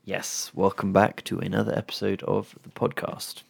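A man's voice: deep voice, little pitch movement, normal speed, creaky, breathy edge. A man hosting a casual podcast, easygoing and dryly joking, with frequent hesitant fillers. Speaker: podcast host. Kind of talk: casual chat.

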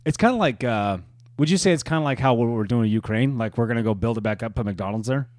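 A man's voice: mid-range voice, expressive, fast, a little mellow, no room sound, studio quality. A young man co-hosting a casual podcast, teasing his friend and quoting people in put-on voices. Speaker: podcast co-host. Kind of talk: casual chat.

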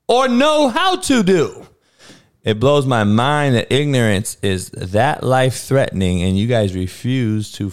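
A man hosting a podcast, ranting about sports in a blunt, combative, heavily profane way and repeating his points for emphasis. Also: medium pitch. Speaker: podcast host. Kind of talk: sports commentary rant.

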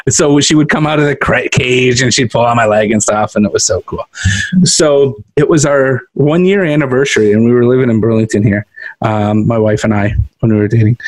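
A man with a slightly husky voice spins a funny personal story in casual podcast chat, laughing along the way. He is recorded in a makeshift studio, and the sound is dry with no room echo. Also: mid-range voice, a little fast. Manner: animated storyteller who laughs often. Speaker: podcast co-host.

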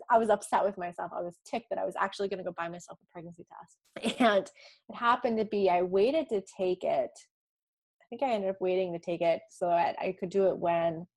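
A woman guest in an interview, telling a personal story in a casual, animated way, acting out her own past dialogue with light laughs along the way. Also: mid-range voice, a little fast. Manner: frequent light laughs and restarts.

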